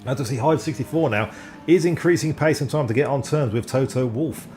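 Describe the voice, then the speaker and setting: Man on excited sim racing commentary. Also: medium pitch, a little fast, a little hiss or hum. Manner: excitable, self-deprecating, stumbles over driver names.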